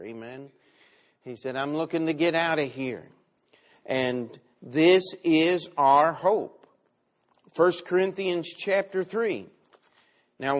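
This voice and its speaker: A man preaching a sermon, with big swings between loud and quiet. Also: on the high side. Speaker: pastor.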